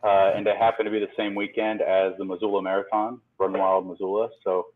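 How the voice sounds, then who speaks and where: Low-voiced man on a tinny line. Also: level tone, brisk. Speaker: co-host. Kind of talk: casual chat over a call.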